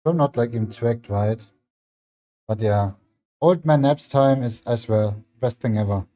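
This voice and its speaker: This fitness streamer speaks English as a second language, his medium-pitched, dark voice unhurried as he works out at home on a casual livestream. Loose and rambling, he uses "like" constantly and replies to viewers' chat messages.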